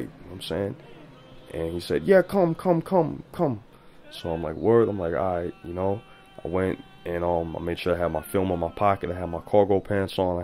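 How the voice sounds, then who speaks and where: A man's voice: low voice, a little mellow. A man, a street photographer, telling a story in a documentary voice-over, talking casually in street slang and retelling what people said.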